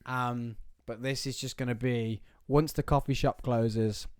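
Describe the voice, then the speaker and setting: Man, podcast host, clear smooth voice, dry close sound, laughs a lot. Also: mid-range voice, fairly even intonation, a little slow, darkish tone, dry recording. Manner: jokey, laughs often. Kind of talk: casual chat.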